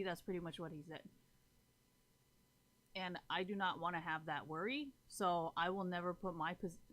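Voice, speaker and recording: A woman's voice: mid-range voice, fairly bright tone. A woman livestreaming who talks bluntly to her viewers, rants, swears freely and keeps asking if they follow. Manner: keeps checking in with listeners. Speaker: live streamer. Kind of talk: casual talk to stream chat.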